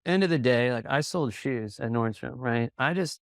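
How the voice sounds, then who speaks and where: A man speaks as a guest on a podcast, telling stories in a calm, unhurried way. His voice has a gravelly, fried texture at a middle pitch. The recording is close and dry. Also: dry recording. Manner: calm, even delivery with quick bursts of storytelling. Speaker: sales coach and podcast guest. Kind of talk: conversational interview.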